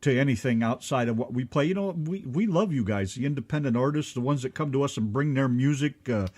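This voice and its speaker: A man's voice: medium pitch, brisk, darkish tone. A man hosting a show, rambling and joking in casual chat. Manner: rambling, joking, interrupts himself. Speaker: radio show host.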